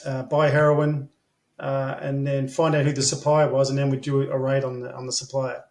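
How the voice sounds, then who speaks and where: This is a mid-range, slightly mellow male voice with an Australian accent, speaking at a moderate pace in a flat delivery. As an interview guest, he rambles through casual stories, leaning on fillers like "um" and swearing bluntly, all captured in a room with noticeable echo.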